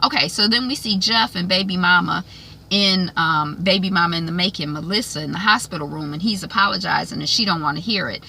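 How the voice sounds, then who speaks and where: Chatty woman vlogger doing a tv recap, super bright voice, acts stuff out. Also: lowish voice, fairly quick, vocal fry, a little hiss or hum. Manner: chatty and animated, acts out the scenes. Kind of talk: casual TV recap vlog.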